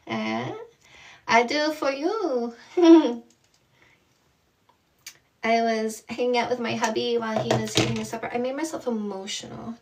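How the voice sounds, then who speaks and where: A woman's voice: a little high, distant mic. A woman from Canada, a dating coach, chatting casually and bubbly with viewers on a livestream, often laughing.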